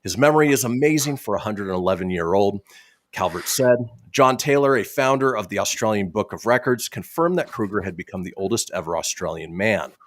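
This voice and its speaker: A male radio host reads quirky news stories and slips jokes in between them. His pitch swings widely as he talks. The sound is dry and close to the mic. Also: animated, a little fast, no room sound. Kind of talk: reading news stories on a comedy talk show.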